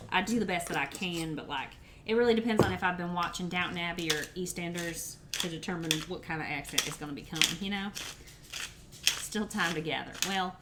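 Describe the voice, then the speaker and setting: A woman's voice: fairly low pitch, heavy background noise. A woman, chatting with viewers while she cooks in her home kitchen. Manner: chatty, talks to chat while cooking. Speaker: cooking streamer. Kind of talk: casual cooking livestream chat. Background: pots, pans and dishes clattering.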